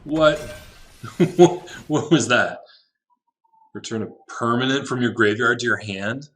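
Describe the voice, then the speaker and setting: A man's voice: mid-range voice, measured pace, a bit bright. A man giving casual gameplay commentary, talking to himself in a wry way and laughing at his own jokes. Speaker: game streamer.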